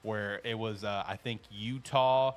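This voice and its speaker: A man co-hosting a casual sports show, animated and joking, laughing often. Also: on the low side, a little slow, background noise. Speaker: podcast co-host.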